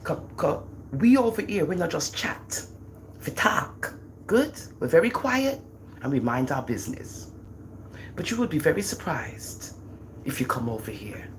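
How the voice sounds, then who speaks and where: A woman's voice: low-pitched, a little slow, slight background noise. A middle-aged woman with a Jamaican accent, chatting casually on a livestream in a teasing, boastful manner. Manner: animated, teasing, boastful about her children. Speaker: livestream host.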